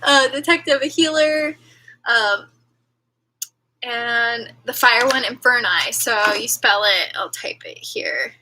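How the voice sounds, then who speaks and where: Young woman, livestream host, casual rambling chat, giggly, bright high voice. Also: animated, slow, low-quality recording. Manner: rambling, filler-heavy, giggly.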